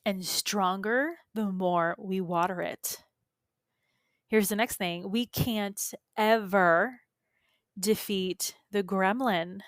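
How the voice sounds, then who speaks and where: A woman's voice: mid-range voice, a bit bright, smooth, no echo, clean studio sound. A woman coach and podcast host teaching in a casual, earnest and emphatic way, with frequent asides to her listeners. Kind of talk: solo podcast teaching talk.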